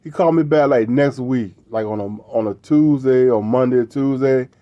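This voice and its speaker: A man's voice: medium pitch, moderate pace, no echo, highs cut off. A middle-aged man hosting a show, telling a casual story in a rambling way, repeating words and tagging lines with "right?". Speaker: show host.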